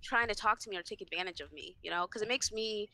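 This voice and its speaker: A young woman co-hosting a podcast, chatting in a lively way with lots of fillers. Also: medium pitch, fast talker, no room sound. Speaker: podcast co-host. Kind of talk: casual podcast chat.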